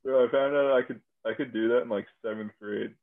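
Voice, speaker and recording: A young man with a deep voice, chatting casually and dryly with a friend. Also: steady tone, brisk. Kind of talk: casual chat. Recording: tinny phone-like sound.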